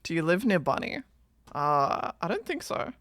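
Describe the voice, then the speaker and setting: A woman's voice: on the low side, wildly swooping pitch, normal speed, fairly bright tone, dry recording, clean studio sound. A young Australian woman streaming, chatting casually with a guest, playful and teasing with plenty of swearing. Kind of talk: casual chat.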